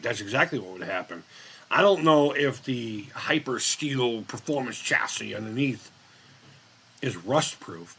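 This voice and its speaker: A man's voice: mid-range voice, a bit bright, slightly rough. An American man hosting a casual live chat, rambling and swearing freely as he laughs along. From United States. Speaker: live stream host.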